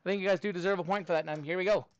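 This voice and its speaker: A man teaching a middle school math class, talking in a playful, animated way with many fillers. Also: high voice, racing, dry recording, dull audio. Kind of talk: classroom lesson.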